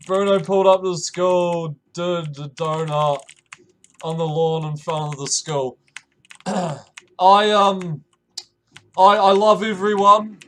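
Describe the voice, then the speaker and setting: On a casual live stream, a young New Zealand-accented man reads messages aloud in a fairly bright, fairly flat voice, speaking slowly and pausing often. There's slight background noise. He laughs frequently, stumbles over restarts, and bursts into sudden high exclamations.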